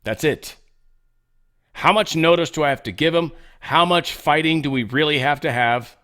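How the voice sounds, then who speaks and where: A man's voice: on the high side, moderate pace, a bit bright. A man hosting a podcast, giving casual commentary in a sarcastic, rambling way and swearing often. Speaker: podcast host.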